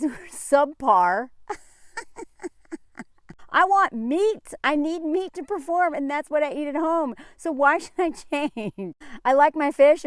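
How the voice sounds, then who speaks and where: American woman vlogging, laughs a lot, kinda high voice, dry close sound. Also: no room sound. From United States. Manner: chatty, laughs often, mimics people in asides. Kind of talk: casual chat.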